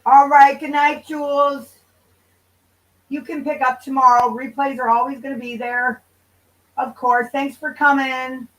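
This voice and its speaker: Woman streamer, fairly high voice, a little off mic, casual and profane with her viewers. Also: level tone, normal speed, far from the mic, low-quality recording. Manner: loose, profane, banters with chat. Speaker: livestream host. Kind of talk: casual livestream chat reading viewer comments.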